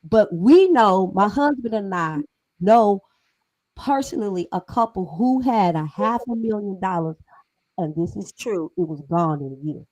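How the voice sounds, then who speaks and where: A middle-aged woman co-hosts a podcast discussion at a mid-range pitch. She talks in an emphatic, conversational way and laughs often. The recording is dry and close, with no room sound. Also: animated, unhurried, a little mellow, no room sound, low-quality recording. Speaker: podcast co-host.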